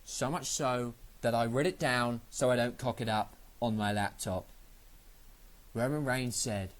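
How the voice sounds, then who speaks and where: A man giving a casual spoken review of a wrestling show, excitable and rambling, swearing freely. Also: mid-range voice, unhurried.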